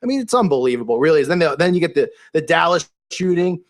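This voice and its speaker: Rambling incredulous man, fairly high voice. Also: very animated, quick pace. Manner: rambling, incredulous, with many restarts and fillers. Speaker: video commentator. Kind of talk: casual unscripted monologue.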